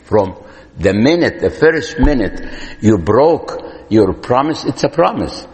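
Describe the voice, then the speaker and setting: A man giving parenting advice in a lecture-style talk, speaking slowly and deliberately and repeating key points for emphasis. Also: medium pitch, sing-song, a little mellow. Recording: long hall reverb.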